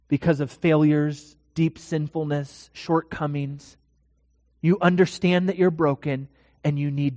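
A pastor delivering a dramatic sermon in a church, swinging from hushed to loud. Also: mid-range voice, dry recording, big-room sound.

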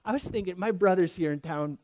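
A man in his thirties with a high-pitched voice preaches fairly quickly as a pastor. Speaking directly to his congregation and telling stories, he moves from loud emphasis to hushed, near-whispered passages.

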